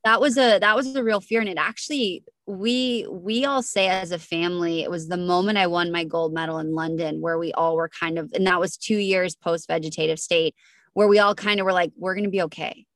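A woman's voice: fairly low pitch, fairly even intonation, fairly quick, no echo, clean studio sound. A young woman guest on a podcast, telling her story earnestly with many restarts and fillers. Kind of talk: emotional storytelling interview.

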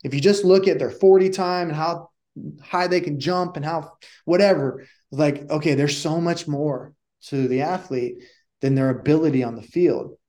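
A man's voice: on the high side, moderate pace. A middle-aged man who coaches communication, telling stories casually in an interview and acting out the dialogue. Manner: animated storyteller who acts out dialogue.

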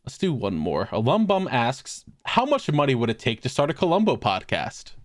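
A man's voice: medium pitch, wildly swooping pitch, moderate pace, no room sound, studio quality. A man telling a story on a podcast, laughing often and swearing as he goes. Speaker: podcast co-host. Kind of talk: casual storytelling chat.

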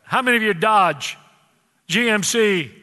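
Preaching in a reverberant hall, this pastor has a high-pitched, sharp voice. He calls out to his congregation in preacherly fashion, stretching out the words he wants to stress.

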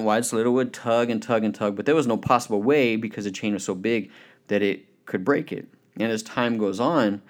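Emphatic male preacher telling stories. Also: lowish voice. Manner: storytelling, emphatic, slows down on key points. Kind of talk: sermon.

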